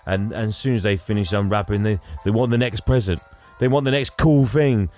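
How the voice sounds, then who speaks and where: An English man hosting a podcast, retelling a film with lots of laughter and animated storytelling. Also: lowish voice, brisk, soft background music. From England. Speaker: podcast host. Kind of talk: casual chat, retelling a film.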